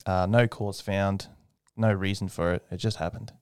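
A young man chats as an interview guest in a fairly low voice. He tells his story with animation, often jumping high to mimic other people. The sound is dry and close. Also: fairly even intonation, normal speed, darkish tone, smooth, no echo. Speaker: aerospace engineer guest. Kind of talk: casual interview conversation.

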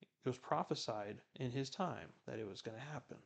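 A man with a gravelly, creaky voice talks through a Bible reading in a relaxed, chatty way. He retells the scripture in everyday words, and his pitch sits in a middle range. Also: normal speed. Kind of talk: casual Bible commentary.

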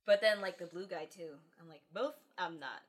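A woman's voice: fairly low pitch, moderate pace. A woman in a casual podcast chat, telling stories animatedly, acting out quotes and laughing often. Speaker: podcast co-host.

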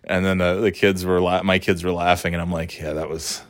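A man's voice: deep voice, completely flat delivery, brisk, no room sound, clean studio sound. A middle-aged man telling a story in a casual monologue, swearing often in a sardonic, ranting way.

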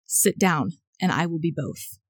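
A woman reading aloud the lines of a reckless, slightly drunk young gentleman in a period novel, with dramatic emphasis. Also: low voice, expressive, unhurried, husky, no room sound, clean studio sound, exaggerated voice. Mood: urgent. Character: brash charming young gentleman rake, drunk.

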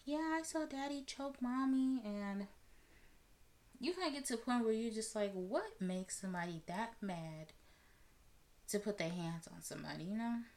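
Woman ranting on her podcast, blunt, swears a lot, gets animated. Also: medium pitch, normal speed, long pauses. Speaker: podcast host. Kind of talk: casual commentary on celebrity news.

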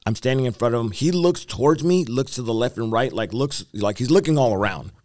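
A man's voice: medium pitch, lively intonation, fairly quick, darkish tone, dry recording, clean studio sound. A male evangelist, the interview guest, tells his story in an earnest, rambling way with repeated phrases and fillers. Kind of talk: testimony in a podcast interview.

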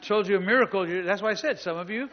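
High-voiced man preaching, animated. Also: racing, dull audio. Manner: animated, acts out dialogue, jokes with the congregation. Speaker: pastor. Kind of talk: storytelling sermon. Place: church service with live congregation.

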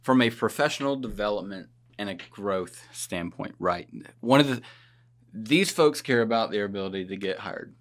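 A man's voice: on the low side, normal speed. A man hosting a podcast in casual chat. He asks questions with blunt opinions and jokes. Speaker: podcast host.

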